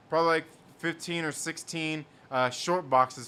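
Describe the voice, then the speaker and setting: A man's voice: fairly high pitch, fairly even intonation, moderate pace, bright, forceful tone, a little hiss or hum. A man hosting a casual live stream, reading chat messages aloud and riffing on them. He rambles, repeats himself and laughs often.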